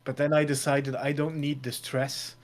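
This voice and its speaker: A man's voice: a little high, level tone, normal speed. Laid-back male podcast co-host, casual easygoing delivery. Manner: laid-back, brief replies. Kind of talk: casual chat.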